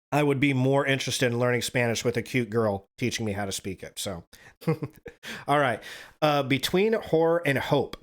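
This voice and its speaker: Profane rambling male podcast host. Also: mid-range voice. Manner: profane, rambling, self-correcting. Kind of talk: reading articles aloud and riffing casually.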